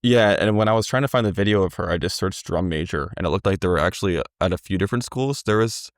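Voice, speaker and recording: A man's voice: low-pitched, quick pace, no room sound, studio quality. A young man co-hosting a casual sports podcast, making his points in an earnest, emphatic, rambling way. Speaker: podcast co-host.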